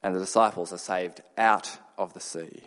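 A man preaching a sermon, telling a story with dramatic pauses and sudden shouted bursts. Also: low voice, steady tone. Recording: long hall reverb.

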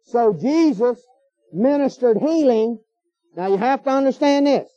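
A man's voice: extremely high pitch, animated, a little slow, warm tone, no room sound. A man preaching a sermon in a folksy, emphatic way, firing off rhetorical questions. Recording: dull lo-fi sermon recording.

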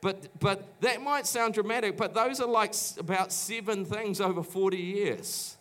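A middle-aged pastor from New Zealand preaches in a loose, conversational way, stopping and restarting as he acts out the voices in his own stories. His voice sits a little higher than most men's. He talks to a church audience. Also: steady tone, moderate pace, fairly bright tone. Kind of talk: sermon with personal testimony. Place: church auditorium.

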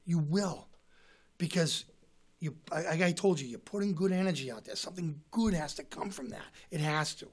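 A man's voice: a little high, lively intonation, normal speed, slightly rough. A man telling stories in a casual interview, rambling with frequent restarts and repeated words. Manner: rambling storyteller with frequent restarts, imitates others' voices. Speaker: guest singer and author.

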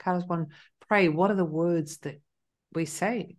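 Lowish-voiced woman asking curious questions. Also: steady tone, measured pace. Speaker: interviewer. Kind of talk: interview questions.

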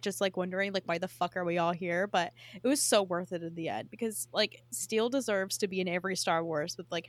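A woman co-hosting a podcast in casual chat, excited and full of "like" fillers and swearing. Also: mid-range voice, no echo. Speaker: podcast co-host.

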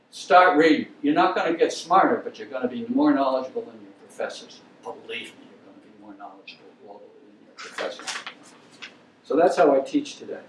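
A man's voice: on the high side, far from the mic, a little hiss or hum. Blunt older man lecturing in an echoey hall. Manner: blunt, opinionated storytelling. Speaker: guest lecturer. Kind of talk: lecture with anecdotes. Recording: echoey hall, speaker off-mic.

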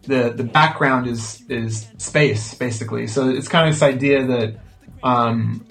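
An American man being interviewed as a musician, talking thoughtfully and hesitantly with many pauses. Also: medium pitch, vocal fry, a bit bright, soft background music. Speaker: guest musician. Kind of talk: casual interview chat.

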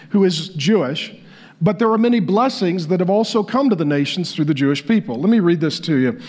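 A male pastor delivering a sermon, reading facts aloud and breaking into animated, joking asides. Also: high-pitched. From Irish descent.

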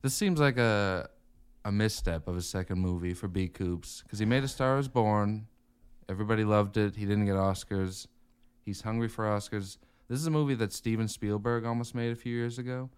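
A man's voice: fairly low pitch, normal speed, darkish tone, clear, resonant tone. A man co-hosting a casual podcast, reviewing a film in a laid-back, wry way and laughing often. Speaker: podcast co-host. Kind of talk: casual movie review chat.

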